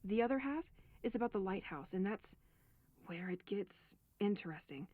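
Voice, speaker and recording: An actress voicing a frightened young woman trapped in a haunted village, narrating in a hushed, often whispered voice. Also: medium pitch, natural voice. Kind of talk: game voice-over narration. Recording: tinny phone-like sound.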